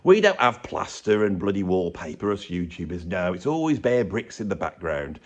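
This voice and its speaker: A man's voice: low-pitched, very animated, moderate pace, dull audio. A man ranting sarcastically in a rambling vlog, filmed in a room with bare brick walls. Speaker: YouTuber and drummer.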